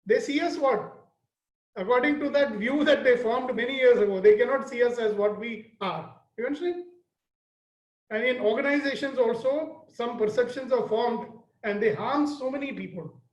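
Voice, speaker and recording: A man's voice: very high-pitched, normal speed. A man with an Indian accent teaching a leadership class, earnest and often questioning his listeners. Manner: earnest, questioning the audience, storytelling. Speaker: leadership trainer. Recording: roomy, dull lo-fi sound.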